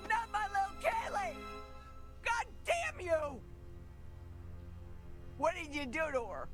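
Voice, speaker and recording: A man voicing a furious, grieving father who shouts in anguish, in a video game. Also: very high voice, wildly swooping pitch, takes it slowly, full character voice. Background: game music.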